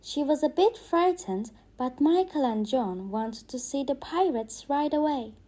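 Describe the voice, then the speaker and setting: A woman reading a bedtime story aloud for English learners, clear and expressive. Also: sits high, measured pace.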